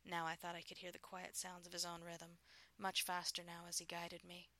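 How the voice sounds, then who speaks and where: A woman reading a first-person adult story in a soft, breathy, intimate voice. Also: fairly low pitch, completely flat delivery, moderate pace. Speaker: narrator.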